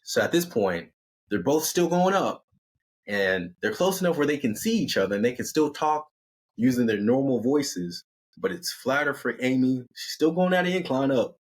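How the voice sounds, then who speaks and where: A man narrating a story in a relaxed, conversational style, his voice mid-pitched with a husky grain. He keeps it lively and casual, slipping into the characters as he goes. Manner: conversational, animated, acts out characters.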